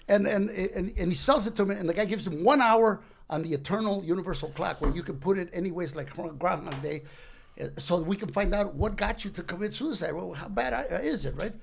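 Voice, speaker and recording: A man's voice: sits high, a little fast, gravelly. An older man, a guest comedian, telling comic stories on a podcast, acting out characters and dropping in Spanish slang. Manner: animated storyteller who acts out characters and mixes in Spanish slang.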